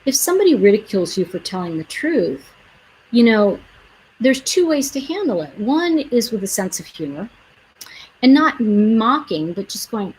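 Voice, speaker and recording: A woman's voice: a little high, sing-song, moderate pace, a little mellow, a little hiss or hum, poor audio. A woman host talking to her viewers in a casual, chatty way. She tells stories, acts out what people said and gives earnest advice. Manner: chatty, acts out quoted dialogue; earnest, advising. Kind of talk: casual livestream storytelling.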